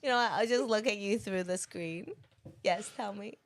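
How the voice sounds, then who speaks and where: A woman's voice: medium pitch, normal speed. Playful, teasing woman co-host. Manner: teasing, playful, laughs often. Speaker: podcast co-host. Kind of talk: casual chat.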